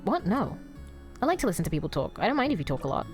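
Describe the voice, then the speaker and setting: A woman's voice: medium pitch, very animated, rapid-fire, faint music behind. A woman streaming a video game, reading its dialogue aloud and swearing at the screen. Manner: profane, loud outbursts at the screen. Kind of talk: casual game stream commentary.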